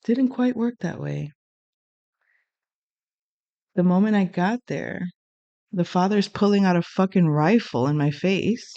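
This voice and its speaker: A woman's voice: on the low side, measured pace, gravelly, pauses often, no room sound, lo-fi sound. A middle-aged woman telling a personal story in a casual monologue, blunt and profane, acting out the exchanges as she goes. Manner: blunt, profane, animated retelling.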